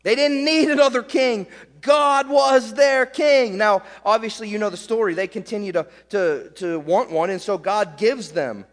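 A man's voice: high voice, normal speed, long reverb tail. A man preaching an expository sermon, emphatic and full of rhetorical "right?" asides. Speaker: pastor.

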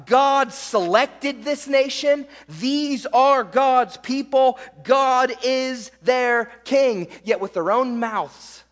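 High-voiced preacher in a reverberant hall. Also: male voice, very slow, hardly any pauses. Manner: emphatic, rhetorical "right?" asides. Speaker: pastor. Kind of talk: expository sermon.

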